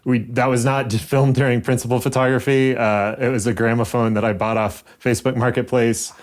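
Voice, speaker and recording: Easygoing man in mid pitch. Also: little pitch movement, a little fast. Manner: easygoing, with many fillers and light laughs. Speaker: filmmaker guest. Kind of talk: casual podcast conversation.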